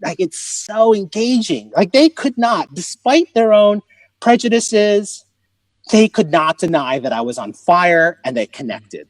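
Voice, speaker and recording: Lively high-voiced man telling stories. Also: a little slow, dry recording, low-quality recording. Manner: expressive, laughing often, acts out voices in his stories. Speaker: comedian and motivational speaker, podcast guest. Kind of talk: animated storytelling in a conversation.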